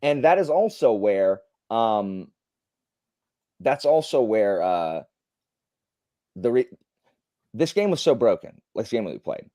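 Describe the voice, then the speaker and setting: Young man, livestream host, casual rambling chat, lively pitch, dry close sound. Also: slow pace, pauses often, no room sound. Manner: rambling, animated storytelling with many fillers.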